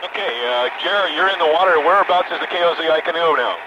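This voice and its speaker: A man hosting live radio coverage of a race, talking briskly with frequent fillers while calling the action from an aircraft. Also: fairly high pitch, highs cut off. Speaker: radio play-by-play host. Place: aircraft over the race course. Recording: loud engine noise over a radio link.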